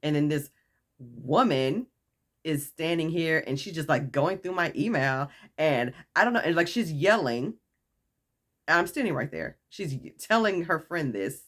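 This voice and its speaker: Woman, casual story time, low-pitched, very lively intonation, acts out quotes. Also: normal speed, pauses often. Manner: animated, acts out quoted voices, laughs often. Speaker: vlogger.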